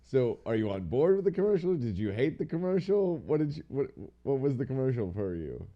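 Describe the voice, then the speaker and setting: A man's voice: mid-range voice, big pitch swings, brisk, lo-fi sound. A man co-hosting a podcast, chatting casually in a rambling, slangy way and swearing now and then. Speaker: podcast co-host. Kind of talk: casual chat.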